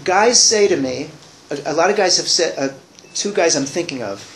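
Man, fairly high voice, casual talk to a meeting, rambling, repeats himself, wry jokes, faint room noise. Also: animated, normal speed, echoey room, poor audio. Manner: rambling, restarts and repeats words, wry humor. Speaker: speaker sharing at a recovery meeting. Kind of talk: informal talk to a group.

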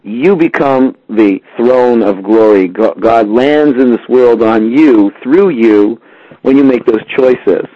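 A man teaching a Torah class, answering a question with lively storytelling. His voice comes through muffled and lo-fi, with a flat, dry sound and no room around it. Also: mid-range voice, slow, dry recording. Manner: animated storyteller who acts out little scenes.

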